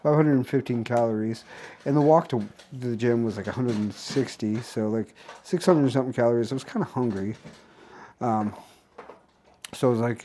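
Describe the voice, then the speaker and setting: A young man recounting his day in a loose vlog ramble, piling up fillers and restarts as he goes. His voice sits in an ordinary middle register with a mellow, relaxed tone. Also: mid-range voice, moderate pace, slight background noise. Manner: rambling, restarts often, filler-heavy storytelling. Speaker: vlogger. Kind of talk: casual rambling daily vlog recap.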